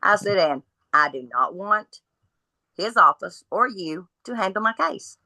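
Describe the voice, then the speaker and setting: A woman's voice: mid-range voice, unhurried, no room sound, poor audio. A woman, a podcast guest telling her story from home, bluntly acting out what each person said. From Kentucky. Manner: blunt, animated retelling of dialogue.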